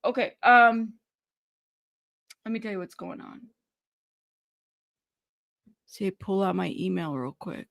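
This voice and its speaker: A woman chats casually to her live-stream viewers, greeting them by name while fumbling for an email and a screenshot. She sounds upset and distracted, with a gravelly, creaky edge to her voice. The recording is close and dry, with little room sound. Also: mid-range voice, lively intonation, slow, long pauses, fairly bright tone, no echo.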